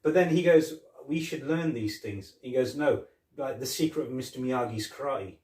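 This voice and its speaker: A man chatting on a podcast, acting out quoted lines as he goes. His voice sits at an everyday pitch. He is miked from a distance in a roomy space. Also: normal speed. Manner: animated storytelling, retelling scenes with quoted lines and laughs. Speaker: podcast co-host. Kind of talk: casual chat.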